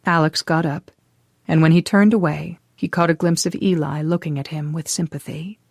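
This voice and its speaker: Measured audiobook narrator, mid-pitched, very dry close mic. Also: fairly even intonation, creaky, a little mellow, slightly rough, dry recording. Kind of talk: scripted narration.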